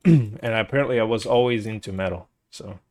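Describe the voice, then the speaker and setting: A man from Brazil with a Brazilian Portuguese accent, whose first language is Portuguese, chatting casually and haltingly with his stream viewers. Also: on the low side, a little mellow, no echo. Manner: rambling and hesitant, full of restarts and "like".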